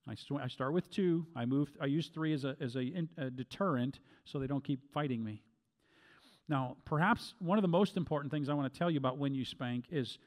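A middle-aged man giving Bible-based teaching, speaking deliberately and repeating key phrases for emphasis. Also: mid-range voice, a little mellow. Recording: long hall reverb.

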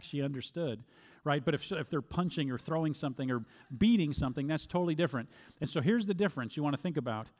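A middle-aged man answering questions as a pastor, speaking calmly and measuredly, with frequent restarts. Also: on the high side. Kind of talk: Q&A teaching talk.

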